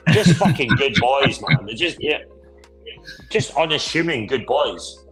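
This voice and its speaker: A man's voice: medium pitch, animated, measured pace, fairly bright tone, soft background music, poor audio. A man hosting a casual drinking chat, boisterous and rambling with heavy swearing. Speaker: podcast host.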